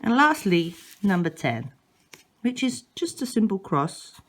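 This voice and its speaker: A woman teaching a language lesson, slowly modeling each word and exaggerating the tones for learners to repeat. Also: medium pitch, very animated. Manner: exaggerates rising and falling tones.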